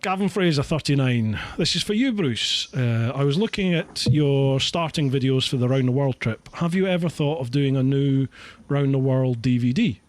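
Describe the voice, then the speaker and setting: Scottish male podcast host, relaxed and self-mocking, mid-pitched. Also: moderate pace, hardly any pauses. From Scotland. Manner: chatty, laughs often, self-deprecating. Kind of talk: casual chat.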